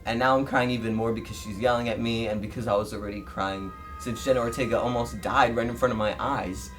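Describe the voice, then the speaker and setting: A man telling the story of a dream in a casual way, acting out his own quoted lines with lively jumps in voice. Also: medium pitch, quick pace, faint music behind. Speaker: interviewee recounting a dream.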